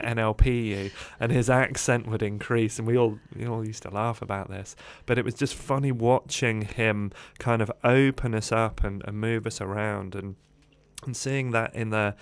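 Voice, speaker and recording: A man's voice: on the low side, creaky, clean tone. A man, a guest on a radio interview, telling his life story in a rambling way with many fillers, recorded in a studio.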